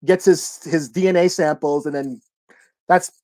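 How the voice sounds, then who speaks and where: A man's voice: fairly high pitch, steady tone, a little slow, dark tone. A man hosting a podcast, recapping a comic plot in a rambling, profane way with many fillers. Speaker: podcast host. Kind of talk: casual podcast chat.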